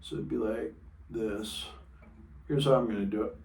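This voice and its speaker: A man teaches guitar in a loose, thinking-aloud way, often stopping to check his notes. He sounds a little far from the mic in an echoey room, with loud guitar playing behind him. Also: fairly low pitch, steady tone, normal speed, vocal fry. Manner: talks with a pick in his mouth at times. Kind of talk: casual guitar lesson.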